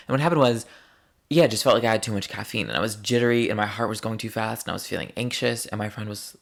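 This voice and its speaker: A man's voice: fairly low pitch, moderate pace, creaky, fairly bright tone. A young man talking straight to camera in a casual vlog, rambling in a playful and candid way and drawing out his words. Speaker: vlogger. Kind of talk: casual chatty vlog monologue.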